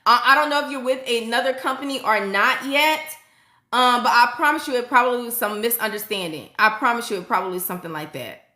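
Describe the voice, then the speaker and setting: Excitable woman livestream host, echoey room. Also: fairly high pitch, fast talker. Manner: excitable, hypes viewers up, frequent "y'all". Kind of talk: casual livestream chat reading comments.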